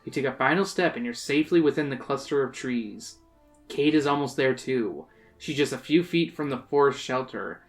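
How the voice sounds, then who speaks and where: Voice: medium pitch, lively intonation, moderate pace, faint music behind. A podcast host reading a choose-your-own-adventure book aloud, dramatic and playful. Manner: dramatic reading that breaks into laughs and jokes.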